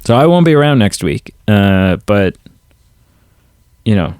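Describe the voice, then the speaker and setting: A man's voice: on the low side, big pitch swings, measured pace, darkish tone, clear, resonant tone, dry recording, studio quality. A man co-hosting a movie podcast, chatting casually with lots of restarts and fillers. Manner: rambling, many restarts and fillers. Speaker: podcast co-host. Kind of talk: casual chat.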